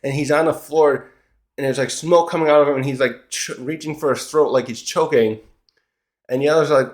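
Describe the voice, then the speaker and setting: A man's voice: fairly high pitch, fairly even intonation, brisk. A man giving a casual recap commentary of a comic chapter, rambling and often correcting himself. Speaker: manga chapter reviewer.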